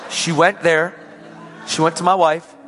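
A man preaching, telling a healing testimony as a lively story, acting out the people in it and repeating his praise with emphasis. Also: a little high, a little slow, long reverb tail. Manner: dramatic retelling that acts out the quoted voices.

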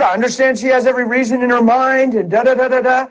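A man preaching his own conversion testimony in a sermon, moving from hushed, earnest talk to excited shouts. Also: very high-pitched, fast talker, few pauses, poor audio.

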